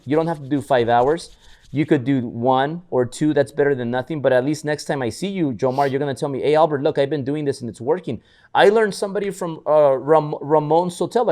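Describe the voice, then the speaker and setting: A man co-hosting a podcast, telling stories in casual motivational chat, often restarting words and acting out others' lines. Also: fairly high pitch. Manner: repetitive restarts, animated storytelling. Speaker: podcast co-host.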